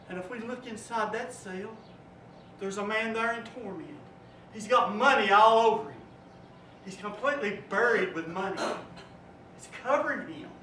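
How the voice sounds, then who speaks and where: A man preacher giving a sermon, telling a vivid story that swells and drops to a hush. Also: sits high. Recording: echoey room, from far off, faint noise.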